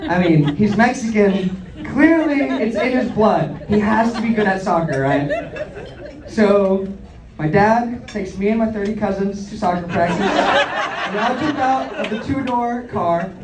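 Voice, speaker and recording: A high-pitched young man in his twenties performs self-deprecating stand-up in a comedy club, telling stories animatedly at an unhurried pace. The recording is very noisy, echoey and distant, with the crowd laughing.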